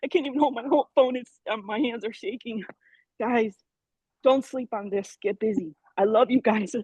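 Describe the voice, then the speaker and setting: A woman in her late forties giving an excited, emotional testimonial on a video call, laughing and near tears. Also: a little high, moderate pace, breathy edge, no echo, muffled recording. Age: 40s. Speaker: team member sharing a success story.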